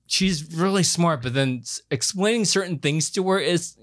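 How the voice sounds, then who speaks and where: A man co-hosting a podcast, telling family stories in casual chat, with an animated, halting delivery full of restarts. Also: a little high. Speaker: podcast co-host.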